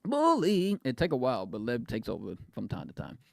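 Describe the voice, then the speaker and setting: Male streamer, playful and slangy, lively pitch, faint music bed. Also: a little fast, creaky, dry recording, studio quality. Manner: playful, slangy, laughs a lot, shifts pitch often. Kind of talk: casual livestream chat, reading chat messages.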